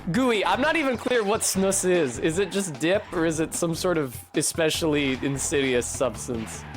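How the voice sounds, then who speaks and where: A man's voice: a little high, animated, moderate pace. A young man streaming a video game, rambling in casual chat with a sardonic, swearing manner. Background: faint game music.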